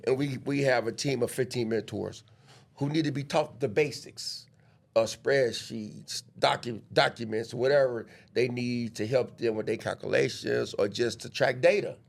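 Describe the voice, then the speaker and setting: A man co-hosting an interview, prompting the guest with short questions and quick interjections. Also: medium pitch, fairly even intonation, creaky. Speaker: podcast co-host. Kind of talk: casual interview.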